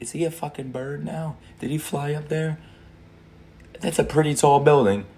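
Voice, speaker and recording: A young man giving casual, profane reaction commentary on anime, joking loudly and laughing a lot, with the show's music playing behind him. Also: fairly high pitch, steady tone, normal speed, a little hiss or hum. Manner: loud joking outbursts, frequent laughs and cursing.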